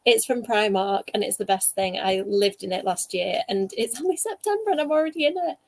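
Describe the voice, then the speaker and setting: Woman, author, video call, chatty, animated, laughing, middle pitch. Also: a little fast. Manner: chatty, animated, laughs while telling stories. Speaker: guest author. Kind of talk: casual video chat.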